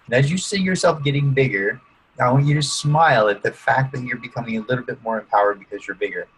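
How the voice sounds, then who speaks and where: A man working as a coach, calmly guiding listeners through a visualization exercise in an interview and often checking in with "okay?" and "right?". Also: medium pitch, fast, husky, low-quality recording. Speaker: guest coach using neurolinguistic programming. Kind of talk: guided visualization during an interview.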